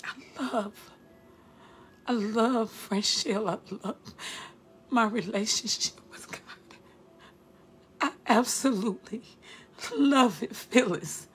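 Middle-aged woman, high voice, fervent testimony, talks straight to the crowd as y'all. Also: husky. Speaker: beautician and instructor giving testimony. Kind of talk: emotional spoken testimony.

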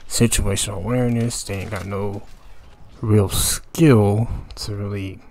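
A man's voice: on the low side, fairly even intonation, a little slow, darkish tone, slight background noise. A young man giving profane, exasperated commentary over his gameplay, ranting about his teammates. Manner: exasperated, ranting, heavy swearing. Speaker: gaming channel commentator.

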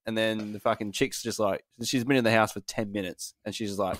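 Fast-talking swearing man. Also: lowish voice, steady tone, a bit bright, no echo, clean studio sound. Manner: fast rambling banter, heavy swearing. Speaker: podcast co-host. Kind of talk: casual chat.

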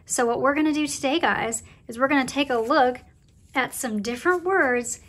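A woman teaching a preschool circle time lesson, talking to young children in a cheerful, slow and encouraging way. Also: high voice, fairly bright tone.

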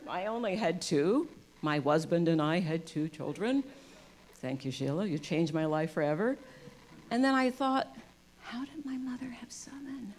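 Expressive woman giving an inspirational talk. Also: mid-range voice. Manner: expressive, swings from soft and intimate to loud and emphatic; acts out voices of people in her stories. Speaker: guest speaker at a church service. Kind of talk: inspirational talk on spirituality and love. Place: in front of a live congregation.

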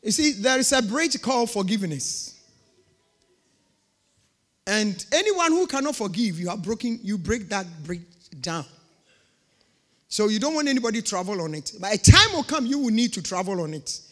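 A woman's voice: mid-range voice, very animated, moderate pace, long pauses. A woman pastor preaching a sermon with emphatic, repeated phrases. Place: church. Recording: long reverb of a church hall.

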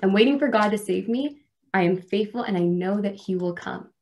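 A woman's voice: medium pitch, normal speed, a little mellow, close to an everyday voice. A stubborn man stuck in a flood, casual and sure of himself, refusing every offer of help, as a woman preacher puts him on in her sermon. The voice stays close to her own. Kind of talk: sermon storytelling.

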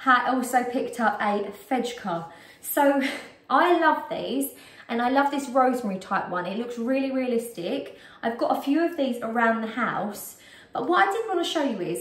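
A British woman vlogging a casual shopping haul at home, chatty and rambling with frequent ums, a bit out of breath. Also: fairly high pitch. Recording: roomy echo, distant mic.

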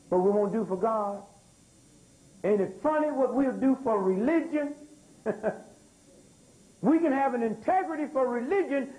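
An older man lectures a live audience, firing off rhetorical questions and asking for responses. His voice is extremely high-pitched with a darkish tone, and the recording is rough.

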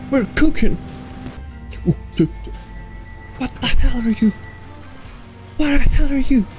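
Jumpy slow-talking gamer man. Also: high-pitched. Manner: jumpy, talks to the game characters, mild swearing; loud outbursts and nervous laughs. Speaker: gamer playing a horror game. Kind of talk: let's play commentary.

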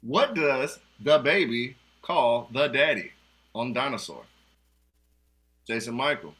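A man's voice: mid-range voice, lively intonation, slow pace, fairly bright tone. A man hosting a casual trivia night over a video call, teasing players and laughing often. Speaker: trivia host. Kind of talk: casual online game hosting. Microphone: video call mic.

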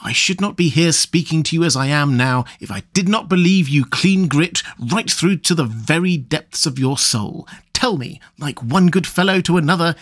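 A man's voice: fairly high pitch, lively intonation, normal speed, few pauses, a bit bright, no room sound. Earnest young american guy, folksy slang, man doing him, dry sound. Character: good-humoured young American suitor, earnest. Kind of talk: audiobook reading.

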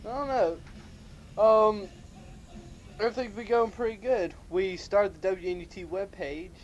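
High-voiced male co-host, offhand. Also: steady tone, measured pace, a crowd in the background. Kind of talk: casual chat. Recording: muffled home tape with faint hiss.

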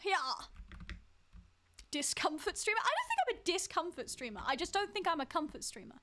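A woman's voice: extremely high pitch, huge pitch swings, a little fast, bright, forceful tone, slight background noise. A woman streaming a game live, chatting casually with viewers and teasing them as she plays. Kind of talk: casual live-stream chat while playing.

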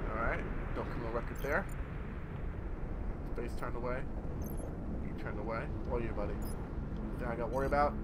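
A man giving loud, profane let's play commentary, mocking the characters and acting out their lines. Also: mid-range voice, steady tone, fairly quick, pauses often, very noisy. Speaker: gameplay commentator. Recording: voice over game audio.

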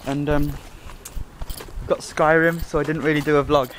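A man's voice: on the high side, little pitch movement, normal speed, low-quality recording. A young man, chatting casually in a rambling, playful vlog, filmed on a handheld camera outdoors. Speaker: vlogger. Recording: loud outdoor noise.

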